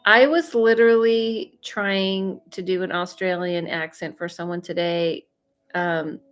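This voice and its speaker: A woman's voice: fairly low pitch, steady tone, unhurried. Chatty woman hosting a psychic livestream. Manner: chatty, upbeat, frequent "um" fillers and laughs. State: slightly congested from allergies. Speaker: livestream psychic medium host. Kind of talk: casual live-stream chat reading viewer comments. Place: home, Los Angeles. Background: faint music.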